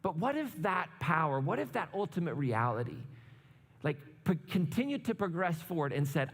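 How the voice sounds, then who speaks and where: A male pastor with a fairly high voice gives a relaxed, conversational sermon, full of jokey asides and "right?" check-ins. His voice rings out with a long reverb tail from a church hall. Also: normal speed, vocal fry, slightly rough. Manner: chatty, asks "right?" often, jokes asides. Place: church sanctuary.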